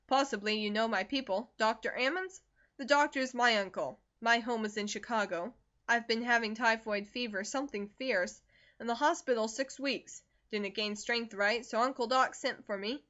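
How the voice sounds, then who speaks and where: A woman voicing a talkative young man who is recovering from a fever, brisk and jovial, in an audiobook reading. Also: on the high side, fairly bright tone, muffled recording, close to an everyday voice.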